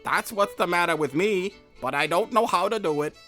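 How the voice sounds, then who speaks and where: A man voicing an old-timey Maine farmer with a Maine accent, reading a personal ad slowly in a drawl. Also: faint music behind. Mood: folksy, earnest. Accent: Maine, old-timey put-on. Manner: slow, drawling, high and lively reading.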